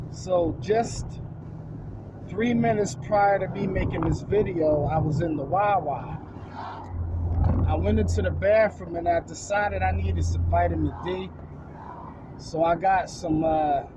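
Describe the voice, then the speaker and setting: High-voiced man telling a rambling story. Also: highs cut off, background noise. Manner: rambling, jokey, animated storytelling. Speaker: vlogger. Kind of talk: casual storytelling vlog. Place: outdoors on a windy day.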